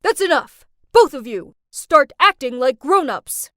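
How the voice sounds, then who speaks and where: A woman voicing a stern, fed-up middle-aged father who firmly lays down the law in an animated story. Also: a little high, measured pace, dry recording, clean studio sound. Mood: commanding. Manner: firm, commanding.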